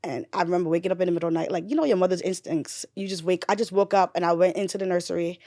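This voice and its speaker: A young adult woman, a mother, candidly telling her story in a casual interview, animated, with blunt slang and swearing. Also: on the low side, rapid-fire, dry recording, studio quality.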